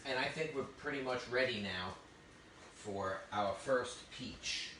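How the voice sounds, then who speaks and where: A man's voice: medium pitch, takes it slowly, bright, forceful tone, slight background noise. A man giving a live cooking demonstration, chatty and enthusiastic with frequent exclamations. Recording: roomy, distant mic with faint ambience.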